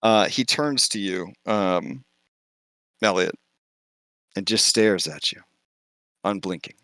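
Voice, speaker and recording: Low-voiced man running a tabletop game. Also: slow, a bit bright, dry recording. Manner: casual, laughing between lines. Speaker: game master.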